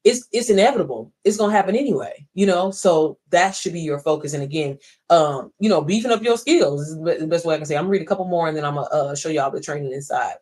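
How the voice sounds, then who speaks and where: A woman's voice: low voice, lively intonation, fast talker, a little mellow. A woman in her thirties giving a casual, emphatic pep talk to viewers on a phone livestream from home, mixing swearing with encouragement. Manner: emphatic, preachy, swearing, talks straight to viewers. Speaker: online business coach.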